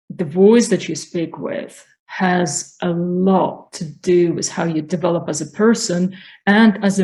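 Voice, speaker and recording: A woman coaching on spiritual growth, speaking slowly and calmly. Her voice sits a little low, and she explains each point patiently and deliberately. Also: low-quality recording. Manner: slow, calm, explanatory. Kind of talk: instructional talk on voice.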